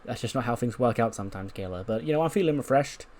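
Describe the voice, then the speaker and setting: A man's voice: mid-range voice, expressive, darkish tone, natural voice. A man doing a wry veteran wrestler. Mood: determined. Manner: measured, sarcastic. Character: determined veteran male wrestler, calm and wry.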